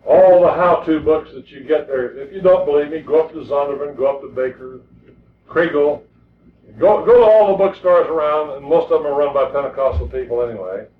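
A man's voice: fairly high pitch, fairly quick, slight background noise. A man preaching a sermon in an earnest, emphatic way, often repeating words as he presses a point. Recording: distant, echoey, tinny lo-fi recording.

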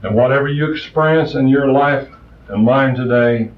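A man preaching a sermon with passion, his voice swinging between loud rises and soft, quiet asides. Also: medium pitch, moderate pace. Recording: distant, roomy, muffled old recording.

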